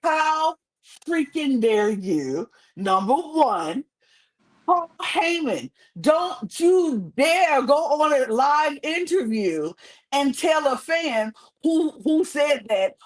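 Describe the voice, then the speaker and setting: Indignant, animated woman ranting slowly. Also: high voice, rough recording. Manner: emphatic, indignant, repeats phrases for effect. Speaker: podcast co-host. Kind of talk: heated casual recap rant.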